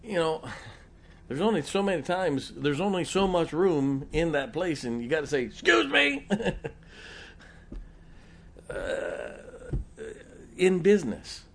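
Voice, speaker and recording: A man's voice: fairly high pitch, lively intonation, unhurried, a little mellow. A middle-aged man preaching a sermon as pastor, folksy and often joking and laughing with the congregation.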